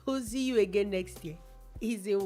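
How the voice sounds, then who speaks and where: A woman's voice: medium pitch, normal speed, dark tone, faint music behind. A woman co-hosting a casual radio show, bantering playfully and teasing her partner. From Nigeria. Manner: playful, teasing, talks over her co-host.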